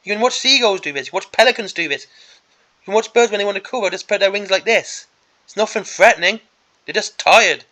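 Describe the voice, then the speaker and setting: A man with a high, sharp voice speaks briskly as host of a miniatures hobby channel. He rants about a product preview with exasperated sarcasm.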